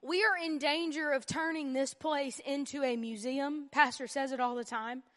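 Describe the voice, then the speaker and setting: A woman with a somewhat high voice teaches a Bible lesson at church. She talks in an earnest, conversational way, hammering points home by repeating them and slipping in jokes. Her voice carries a long reverb, as in a large hall. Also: steady tone, moderate pace, a bit bright. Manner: earnest and emphatic, repeats key phrases; conversational with humorous asides. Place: church meeting room.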